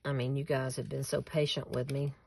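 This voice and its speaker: A woman's voice: rumbling low, little pitch movement, brisk, gravelly, a little mellow, slight background noise. Chatty woman crafting at her desk. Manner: chatty, laughs at herself, talks to viewers while working. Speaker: craft tutorial host. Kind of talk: casual crafting tutorial.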